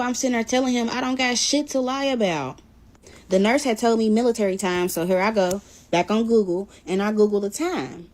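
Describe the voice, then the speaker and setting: A woman telling a personal story on her vlog in a casual, blunt way, swearing now and then. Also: medium pitch. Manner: blunt, animated retelling with swearing. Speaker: storyteller vlogger.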